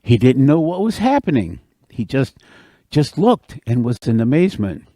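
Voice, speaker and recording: A man telling a folktale aloud to an audience at a senior center, with animated, expressive delivery. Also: mid-range voice, moderate pace, no echo, clean studio sound. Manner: animated, expressive, repeats for effect. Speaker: storyteller. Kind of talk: oral folktale storytelling.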